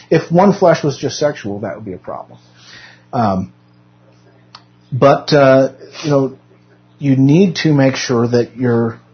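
A man's voice: medium pitch, muffled recording. Man teaching a casual Sunday class. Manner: conversational, self-deprecating, with frequent restarts. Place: church classroom.

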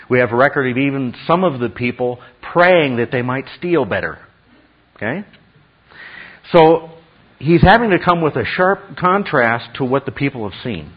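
Male preacher, husky and emphatic, dull lo-fi sound, asks "okay?" between points. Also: medium pitch. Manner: emphatic, with acted quotes and frequent "okay?". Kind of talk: sermon.

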